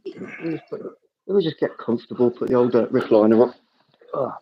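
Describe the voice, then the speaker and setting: A man's voice: mid-range voice, a little fast, long pauses, breathy edge. Playful Birmingham man on a dull stream. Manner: jokey, playful, repeats words. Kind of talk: casual live chat.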